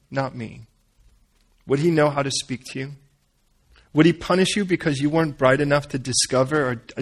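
A man preaching a sermon, reading scripture and breaking off into animated, joking, conversational asides. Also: on the high side. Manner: animated, conversational, full of asides and playful jokes. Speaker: pastor.

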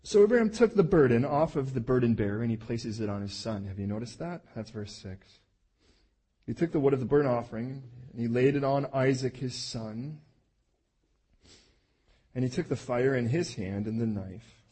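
A man's voice: medium pitch, lively intonation, normal speed, dark tone, breathy edge. A middle-aged man, a pastor, preaching a sermon in a conversational, emphatic way.

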